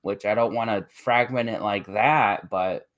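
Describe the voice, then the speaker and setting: A man's voice: on the low side, a little slow, fairly bright tone. A man co-hosting a podcast, chatting and speculating casually with many "like" fillers. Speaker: podcast co-host. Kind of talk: casual chat.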